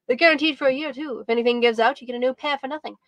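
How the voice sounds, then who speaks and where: A condescending boy, read aloud by a woman, brags in an offhand, careless way. The voice sits fairly high. The sound is dry and close. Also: rapid-fire, fairly bright tone, dry recording. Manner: offhand, boastful.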